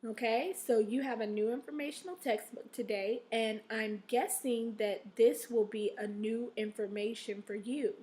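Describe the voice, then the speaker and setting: A woman's voice: a little high, steady tone, normal speed, hardly any pauses, warm tone. A woman teacher giving a recorded reading and word-study lesson to her class, checking in often with "okay?". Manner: encouraging, checks in with frequent "okay?".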